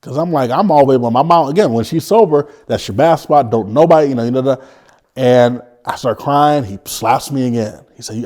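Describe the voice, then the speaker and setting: A man telling his own life story as an interview guest, earnest and halting, often restarting his sentences. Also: medium pitch, darkish tone. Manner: vivid retelling.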